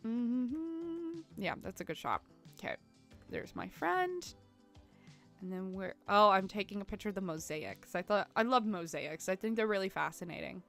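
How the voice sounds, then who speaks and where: A woman's voice: medium pitch, animated, normal speed, a bit bright, faint music behind. A young woman streaming, talking in a rambling, chatty way with many fillers. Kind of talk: casual live-stream chat while editing photos.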